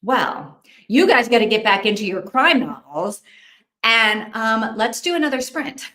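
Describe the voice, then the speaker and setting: A woman's voice: fairly high pitch, sing-song, unhurried, pushed and bright, echoey room. A woman hosting a casual livestream, chatting, thinking aloud and reacting to viewer comments. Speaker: livestream host.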